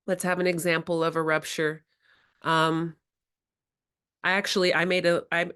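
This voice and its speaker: A woman presenting a workshop to educators, talking in a reflective, candid way and acting out her own quoted words. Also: low-pitched. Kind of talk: teaching workshop talk.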